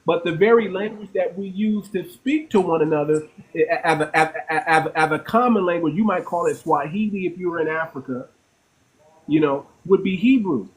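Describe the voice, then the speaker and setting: A man's voice: fairly high pitch, moderate pace, rough recording. A man in casual discussion, speaking in a preachy, insistent way and repeating phrases.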